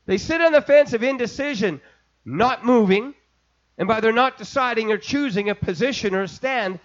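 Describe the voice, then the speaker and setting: A man preaching an impassioned sermon, building from quiet storytelling to shouting. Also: extremely high pitch, moderate pace, muffled recording. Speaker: pastor.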